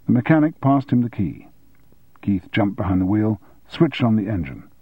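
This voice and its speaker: A man narrating an audiobook in a measured, even storytelling manner. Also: lowish voice, slightly rough, dry recording, narrow, tinny audio.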